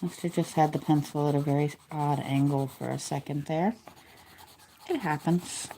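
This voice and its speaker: Woman vlogger, low mellow voice, relaxed chatty coloring narration. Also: moderate pace, slight background noise. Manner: relaxed, chatty, self-deprecating. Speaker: coloring video creator. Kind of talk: casual narration while coloring.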